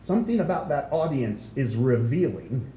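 A man's voice: very animated, moderate pace, warm tone, highs cut off. A man preaching an expository sermon to his congregation, talking conversationally and emphatically, often asking the listeners questions. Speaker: pastor. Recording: roomy hall with faint rumble.

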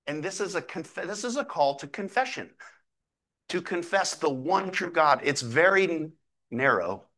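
Bright-voiced man preaching conversationally. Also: a little high. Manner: conversational preaching with rhetorical questions; reads scripture aloud slowly and emphatically. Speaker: pastor. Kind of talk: sermon.

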